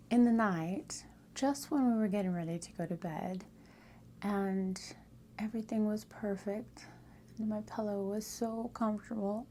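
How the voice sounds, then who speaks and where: Lady telling a story time vlog, keeps going quiet and whispery, a little room hiss. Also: medium pitch. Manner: often drops to a hushed whisper for suspense. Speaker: storytime vlogger. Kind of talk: casual storytelling.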